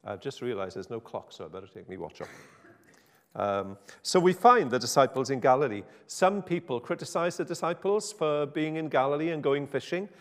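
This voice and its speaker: A man's voice: mid-range voice, animated, moderate pace, a bit bright. A man preaching an informal sermon in a chatty, wry, self-interrupting way. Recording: hall reverb.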